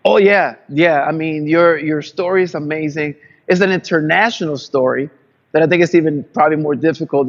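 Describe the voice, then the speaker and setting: A male podcast interviewer with a slightly higher voice gently prompts his guest with questions and fillers. The sound is dull and lo-fi.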